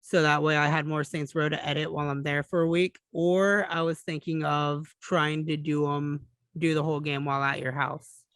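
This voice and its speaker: A man with a fairly high voice talks casually about games as a podcast co-host. He sounds relaxed and chatty, swears now and then, and is recorded dry and close with no room sound. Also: moderate pace, no echo. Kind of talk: casual gaming chat.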